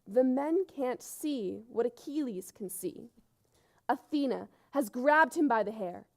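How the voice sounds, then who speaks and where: A woman's voice: fairly high pitch, expressive, unhurried, gravelly. An actress narrating an epic on stage, switching between chatty asides and dramatic telling, in a live theater performance. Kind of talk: theatrical storytelling. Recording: loud music under the voice.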